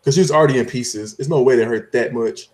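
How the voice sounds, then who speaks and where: A man's voice: medium pitch, fast talker, a little mellow. Rambling man recapping plot in order. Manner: rambling step-by-step recap with restarts. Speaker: podcast co-host. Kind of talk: casual chat.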